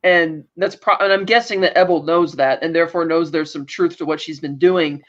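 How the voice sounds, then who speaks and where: A woman's voice: sits low, fairly quick. A woman co-hosting a podcast, recapping a story in casual chat and acting out the characters' lines with laughs. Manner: animated retelling that acts out quoted lines, with laughs. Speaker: podcast co-host. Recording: dull lo-fi sound.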